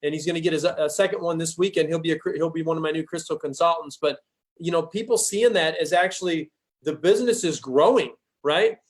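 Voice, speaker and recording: A man leading a team training call, giving an energetic, folksy pep talk over a video call. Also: fairly high pitch, a little fast. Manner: energetic, folksy, pumps up listeners with "guys". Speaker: team leader hosting a sales training call.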